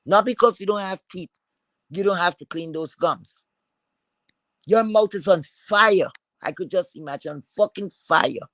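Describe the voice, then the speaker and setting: High-voiced man ranting angrily. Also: a little slow, a bit bright, no echo, poor audio. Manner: insulting, repetitive, confrontational. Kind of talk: heated profane rant.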